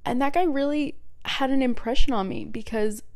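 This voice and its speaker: A woman's voice: high voice, moderate pace, a little mellow, clean tone, no room sound. A young woman talking casually about meditation, chatty and rambling, often correcting herself. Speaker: meditation podcaster. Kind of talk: casual solo talk.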